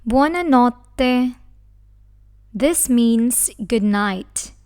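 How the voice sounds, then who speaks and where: A woman teaching a language lesson who speaks slowly and carefully, breaking words into syllables. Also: on the high side, smooth. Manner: slow, careful, spells out syllables. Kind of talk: slow scripted lesson.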